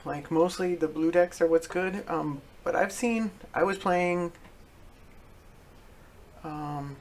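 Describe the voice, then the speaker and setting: Gravelly man musing over a card game. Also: a little high, a little mellow, a little hiss or hum. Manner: halting, with frequent fillers and self-corrections. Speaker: streamer playing a card game. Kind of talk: casual thinking-aloud commentary.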